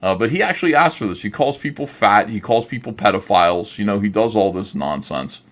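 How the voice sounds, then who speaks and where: A man commenting casually on a clip he is watching, speech halting and full of fillers. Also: lowish voice, expressive. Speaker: streamer reacting to a clip.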